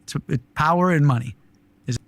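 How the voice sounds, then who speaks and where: A male interview guest who answers in blunt, assertive statements. He holds a steady, even delivery. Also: a little high, moderate pace, creaky. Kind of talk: interview conversation.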